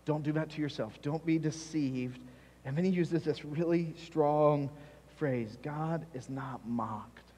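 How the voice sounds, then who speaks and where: A man preaches a sermon as pastor, pressing his points and repeating them for weight. His voice sits a little high and slightly husky. Long church-hall reverb trails behind every phrase. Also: a little slow, warm tone. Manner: emphatic, repeats key phrases for stress. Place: church sanctuary.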